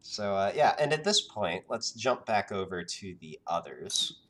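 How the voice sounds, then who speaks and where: A man's voice: fairly low pitch, sing-song, a little slow. A man narrating as game master of a tabletop fantasy game, hesitant and full of fillers. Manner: hesitant, filler-heavy narration with soft laughs.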